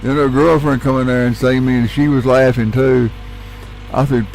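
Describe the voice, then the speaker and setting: A man's voice: medium pitch, little pitch movement, moderate pace, a little mellow, soft background music. A middle-aged man, telling a rambling, folksy story with casual swearing while he plays a game. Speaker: gaming channel host.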